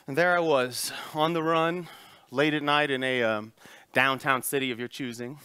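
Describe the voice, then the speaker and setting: A man's voice: mid-range voice, steady tone, normal speed, pushed and bright, smooth, no room sound, natural voice. A man playing a mock-solemn young butler.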